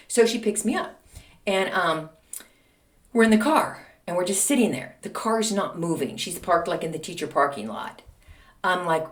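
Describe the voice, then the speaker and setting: Middle-aged woman podcast host, chatty animated storytelling, lowish voice, echoey room. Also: moderate pace. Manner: animated, chatty, addresses listeners as "people". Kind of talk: casual anecdotal storytelling.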